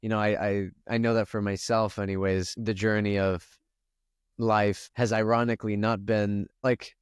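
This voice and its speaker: A man's voice: on the low side, little pitch movement, normal speed, clean tone, no echo, studio quality. A man, a spiritual coach and podcast guest, speaking earnestly and openly, swearing now and then. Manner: earnest, confessional, swears casually. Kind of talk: candid conversational interview.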